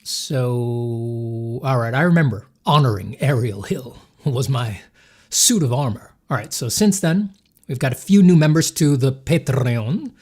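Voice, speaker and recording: A man's voice: medium pitch, unhurried, darkish tone. A man chatting casually on a livestream while he draws, joking and rambling as he thanks supporters and answers questions from chat. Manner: joking, rambling, self-deprecating. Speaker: artist streaming while drawing.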